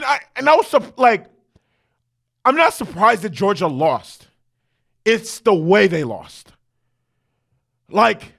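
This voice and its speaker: A man hosting a sports talk show from his studio, giving profane, animated commentary that builds into shouting rants. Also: high voice, unhurried, vocal fry, long pauses. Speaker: sports podcast host.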